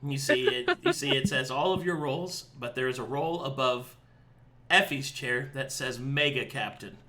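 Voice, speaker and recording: A man's voice: medium pitch, normal speed, bright, forceful tone, a little hiss or hum. A man running a tabletop game as dungeon master, narrating in a loose, giggly way full of filler words.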